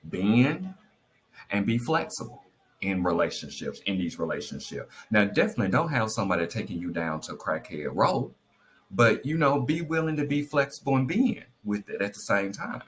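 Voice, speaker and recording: A man giving casual, heartfelt marriage advice, telling stories animatedly and encouraging his listeners. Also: normal speed. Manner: animated storyteller, acts out quotes in a high voice; earnest, encouraging.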